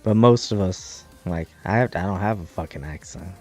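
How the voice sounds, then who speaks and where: A young American man streaming, chatting casually in a profane, rambling, animated way. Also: low-pitched, normal speed, faint music behind. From United States. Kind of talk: casual chat while gaming.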